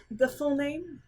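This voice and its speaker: A woman's voice: sits high, a little mellow, poor audio. A woman playing a tabletop game, speaking in character in a formal, polite way. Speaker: player. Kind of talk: in-character tabletop role-play.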